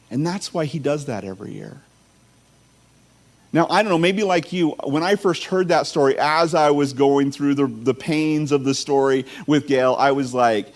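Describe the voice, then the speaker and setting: A man's voice: a little high, normal speed. Male pastor preaching conversationally. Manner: conversational, repeats words and restarts, acts out dialogue in stories. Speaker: teaching pastor. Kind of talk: sermon with scripture reading and storytelling. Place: church sanctuary.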